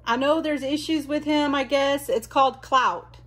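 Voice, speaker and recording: A woman's voice: sits high, fairly even intonation, a little slow, fairly bright tone. A woman vlogger chatting casually as she unboxes mail, gushing and exclaiming often. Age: adult.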